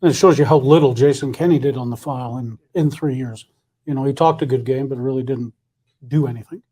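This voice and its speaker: A man's voice: medium pitch, brisk, dark tone, husky. A man taking part in a political panel and adding dry, wry asides. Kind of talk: casual political panel discussion.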